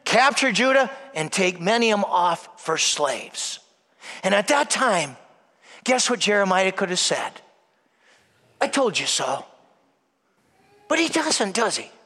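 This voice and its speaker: A man preaching a sermon at Mass, swinging from loud, animated retellings to hushed, near-whispered lines. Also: extremely high pitch, long reverb tail. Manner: dramatic shifts from loud to hushed, acts out voices. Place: church.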